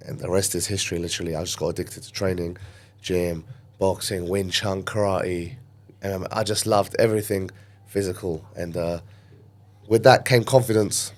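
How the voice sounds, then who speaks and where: A London-accented man, guesting on a podcast as a gym owner, recounts tales from his younger days in a relaxed, lively interview. His voice is low and fairly quick, and he performs the voices of the people he quotes.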